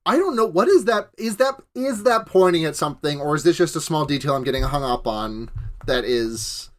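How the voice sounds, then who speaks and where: A man's voice: fairly high pitch, animated, normal speed. A man co-hosting a casual podcast, rambling and questioning with frequent restarts. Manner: rambling, self-interrupting, questioning. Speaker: podcast co-host. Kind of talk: casual anime discussion podcast.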